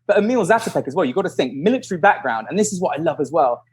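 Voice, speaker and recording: Animated British man telling stories. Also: a little high, rapid-fire, slightly rough. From United Kingdom. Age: 30s. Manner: animated, laughing storyteller who acts out quotes. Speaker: guest. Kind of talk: casual interview storytelling. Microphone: video call.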